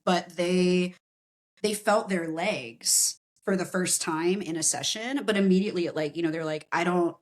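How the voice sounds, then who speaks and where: A woman's voice: lowish voice, moderate pace. A woman in her forties, a somatic practitioner talking in a casual podcast conversation, telling stories with acted-out quotes. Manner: animated storytelling with acted quotes.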